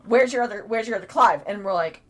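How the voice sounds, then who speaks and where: A woman co-hosting a casual convention review, telling a story in an animated way with lots of swearing. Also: mid-range voice, quick pace. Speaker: podcast co-host.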